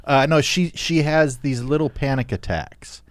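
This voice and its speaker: Easygoing man in relaxed comic chat. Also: mid-range voice, a little slow, dry recording, clean studio sound. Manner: easygoing, playful storytelling. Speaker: podcast co-host. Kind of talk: comedic casual chat.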